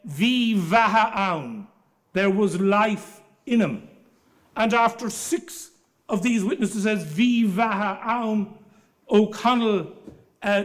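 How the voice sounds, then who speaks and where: A man, a barrister giving a formal lecture and telling anecdotes in a measured storytelling way. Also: high-pitched.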